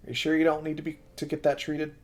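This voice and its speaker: A man's voice: completely flat delivery, fast talker, natural voice. A man reading aloud and voicing a brash, friendly young male pilot who talks casually and coaxingly. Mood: concerned. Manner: casual, coaxing, low and quiet.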